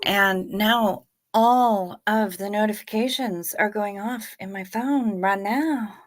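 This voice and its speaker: A sleepy middle-aged woman speaks slowly in a medium-pitched voice while hosting a late-night livestream. She yawns, chats casually with viewers, and reads out their comments.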